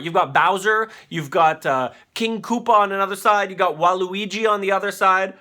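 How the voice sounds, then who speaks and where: A man hosting a live online show, reacting excitedly to viral videos with frequent fillers and swearing. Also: high voice, brisk, music in the background.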